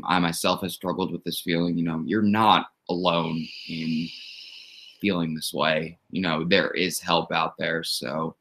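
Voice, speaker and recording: A man's voice: low-pitched, fairly bright tone. A man on a livestream speaking earnestly, with many fillers, tearing up as he talks. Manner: halting, many "you know" fillers. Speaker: streamer's roommate, psychology student.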